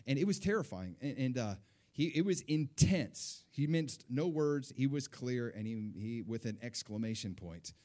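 Animated male preacher, mid-pitched. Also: moderate pace. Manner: animated storytelling, leaps to high excited pitch when retelling joy. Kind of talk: sermon.

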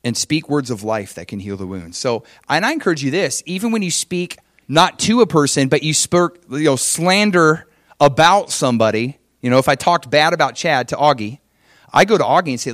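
A man's voice: on the high side, expressive, brisk, a bit bright, dry recording, clean studio sound. A man preaching a sermon as pastor, emphatic and conversational, often checking in with his listeners. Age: adult father with children.

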